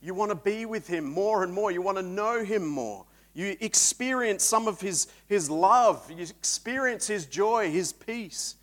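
A man preaching a sermon, swinging between loud emphatic peaks and quiet reflective stretches. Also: high voice, lively intonation, unhurried, hardly any pauses.

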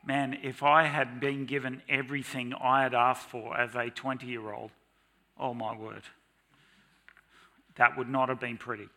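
Here a middle-aged preacher delivers a church sermon with dramatic energy, mock-shouting at times to land his points. His medium-pitched voice moves at an unhurried pace.

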